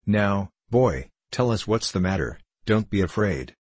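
A curt, stern old magistrate, read by a man in a low, husky voice. He speaks sharply and without warmth, dry and close to the mic. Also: lively intonation, a little slow, no echo. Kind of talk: audiobook character reading.

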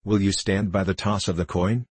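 A man's voice: low-pitched, fairly even intonation, normal speed, husky, no echo. The master, a mocking young nobleman, read by a man. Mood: sardonic. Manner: sardonic, teasing.

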